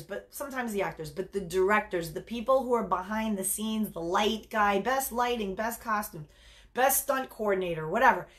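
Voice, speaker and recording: A woman dating coach giving emphatic, animated advice straight to the camera, calling viewers honey. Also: medium pitch. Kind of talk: direct-to-camera advice talk.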